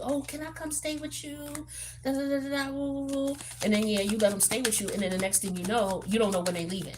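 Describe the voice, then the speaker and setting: A woman's voice: on the low side, a little hiss or hum. A woman giving a casual tarot reading, blunt and profane, with streetwise slang and lots of chatty fillers and asides. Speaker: tarot reader.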